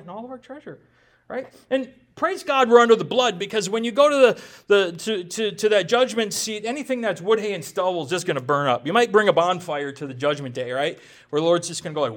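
A pastor from the United States preaching a sermon in a conversational style, with joking asides and frequent rhetorical questions to the congregation. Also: male voice, sits high, animated, a little fast.

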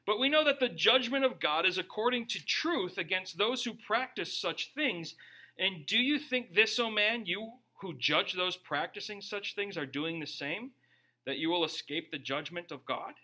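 High-pitched and lively in intonation, this man's voice is pushed and bright, moving at a moderate pace. A pastor and parent, young adult or middle-aged, he preaches in a casual, joking style, performing short quotes.

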